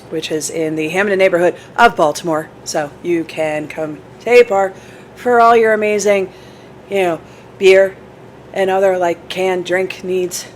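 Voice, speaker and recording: A woman's voice: medium pitch, a little hiss or hum, poor audio. A woman co-hosting a casual podcast, talking in a chatty, rambling, self-deprecating way. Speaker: podcast co-host. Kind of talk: casual chat. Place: bar in a bookstore.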